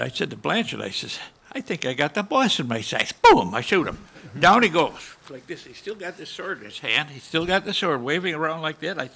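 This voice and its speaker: Gravelly, bright-voiced elderly man telling war stories. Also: fairly high pitch. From United States. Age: 80s. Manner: vivid, with spoken gunshot sounds. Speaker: war veteran panelist. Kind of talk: storytelling to a live audience. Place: conference hall panel.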